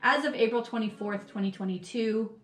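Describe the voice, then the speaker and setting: A woman's voice: a little high, brisk, a bit bright. A woman co-hosting a podcast in casual chat, blunt, swearing freely and laughing often. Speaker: podcast co-host. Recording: roomy echo.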